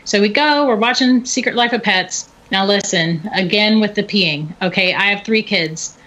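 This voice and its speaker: A middle-aged woman telling a story in casual chat, animated and often laughing. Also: medium pitch, normal speed. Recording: dull lo-fi recording.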